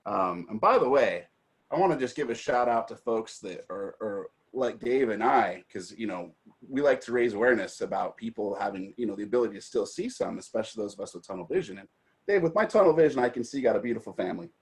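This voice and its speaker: A man's voice: on the low side, fast, slightly rough. A man chatting as a guest on a video call, effusive and affectionate, full of energy. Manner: effusive, warm-hearted, energetic. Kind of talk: casual video call chat.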